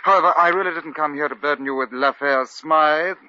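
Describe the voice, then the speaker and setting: An actor playing a bored, suave lord with a dry, languid upper-class drawl, in 1940s radio comedy. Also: male voice, on the high side, brisk, bright, forceful tone, no echo. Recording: dull lo-fi old radio recording.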